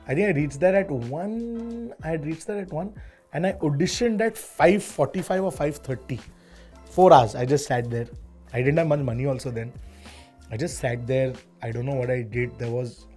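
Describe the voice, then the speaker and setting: A man in his thirties with an Indian English accent, an ad director chatting in an interview, who tells stories with animated asides and slips into Hindi phrases. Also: a little high. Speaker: interview guest, ad director and actor. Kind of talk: casual interview chat.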